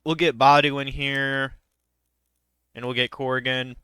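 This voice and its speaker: Bright, crisp young man rambling. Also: medium pitch, level tone, unhurried, no room sound, clean studio sound. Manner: rambling and hesitant, many fillers. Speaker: streamer. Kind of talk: casual chat while gaming.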